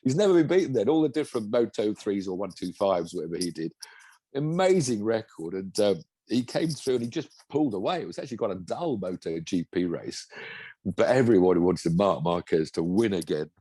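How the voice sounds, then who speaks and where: Husky-voiced man talking motorsport. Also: on the low side, sing-song, fairly quick, warm tone, no echo. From England. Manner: enthusiastic, rambling with restarts. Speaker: co-host and former racing driver. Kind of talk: casual motorsport chat.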